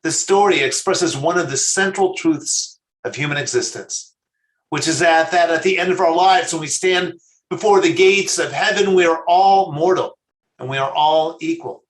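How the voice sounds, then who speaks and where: A man, a rabbi, telling a story in a sermon, measured and slowing down for emphasis. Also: fairly high pitch. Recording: echoey room.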